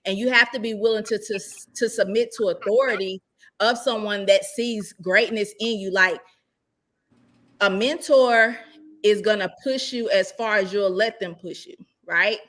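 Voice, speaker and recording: A woman's voice: medium pitch, measured pace, fairly bright tone. A woman speaking as a real estate investor, giving casual, emphatic advice and often checking in with rhetorical questions.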